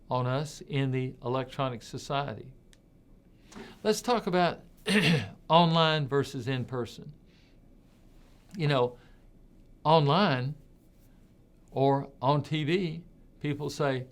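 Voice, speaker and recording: A man giving an informal talk, speaking conversationally and leaning hard on his key points. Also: on the high side. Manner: conversational, repeats words while thinking, emphatic on key points. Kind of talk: informal spoken commentary.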